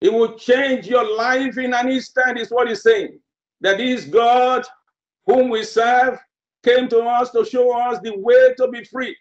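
Preacher, male, very high voice, slow deliberate sermon delivery, roomy muffled recording. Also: steady tone. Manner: emphatic, repeats phrases for effect.

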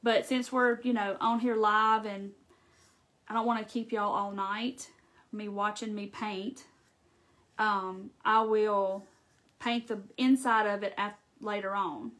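Bright chatty Southern woman crafter. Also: mid-range voice, fairly even intonation, slow pace. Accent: Southern American. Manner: chatty, folksy, talks straight to viewers. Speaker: craft tutorial host. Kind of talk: live-streamed craft tutorial chat.

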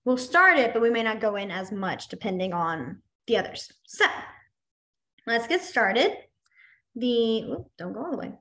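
A woman's voice: on the high side, very animated, moderate pace, sharp tone. A woman teaching a beginner sign language class in a chatty, demonstrative way, with lots of fillers. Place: library classroom.

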